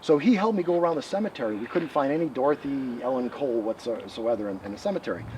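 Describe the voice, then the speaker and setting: A man who researches the paranormal, telling ghost stories in an animated interview outdoors by a rural road. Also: medium pitch. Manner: animated, quick storytelling. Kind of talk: storytelling interview. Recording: distant mic, outdoor traffic noise.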